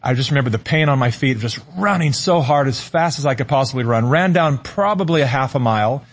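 Speaking at medium pitch with lively intonation, a middle-aged man relates a personal story on a talk show. He is earnest yet hesitant, echoing words as he reaches for what to say.

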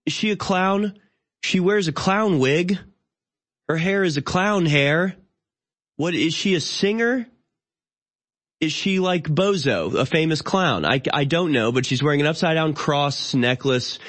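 A man in his thirties hosting a talk show, delivering an opinionated monologue. He rants in an exasperated, incredulous way, with sardonic asides and halting restarts. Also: a little high, fairly bright tone. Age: 30s. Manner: halting, with frequent restarts and fillers. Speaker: show host.

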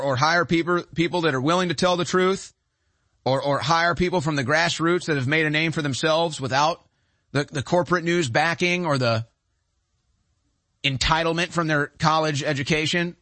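A man's voice: a little high, bright, forceful tone, no room sound. A man hosting a talk show, giving emphatic, sarcastic political commentary.

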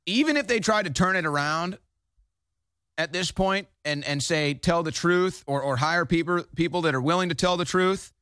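A man with a fairly high voice rants emphatically as a talk show host, hammering his points home. The sound is close and dry, with no room echo. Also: normal speed, sharp tone, smooth. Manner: emphatic, combative ranting. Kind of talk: political talk show commentary.

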